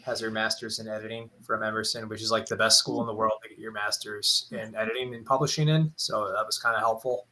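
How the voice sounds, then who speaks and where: A man's voice: lowish voice, steady tone, quick pace, few pauses, bright, forceful tone, a little hiss or hum, poor audio. A man who is a guest on a podcast, telling self-deprecating stories in a jokey, casual way. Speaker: podcast guest and magazine contributor.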